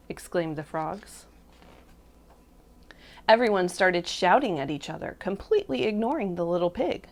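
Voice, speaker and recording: Lady preschool teacher reading a picture book, super expressive, voice bouncing all over. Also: lowish voice, moderate pace. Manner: expressive, lively voices for animals. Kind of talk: children's storybook read-aloud.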